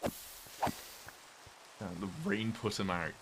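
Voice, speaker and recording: Deep-voiced British man chatting casually. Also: steady tone, slow pace, heavy background noise. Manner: rambling, chatty, reads viewer messages aloud. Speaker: streamer. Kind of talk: casual gameplay chat.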